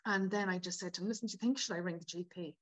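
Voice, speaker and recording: Racing through her words in a fairly low voice, a woman in her fifties pours out her own story as a podcast guest. She is frank and emotional, sometimes tearful, with heavy use of "like."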